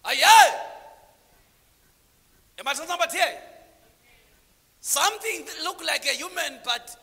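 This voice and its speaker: A man preaching with a strikingly high, bright voice. He draws call-and-response from the congregation and moves between low murmured asides and shouted lines. The sound rings with the long reverb of a church hall. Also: expressive, normal speed. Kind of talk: sermon.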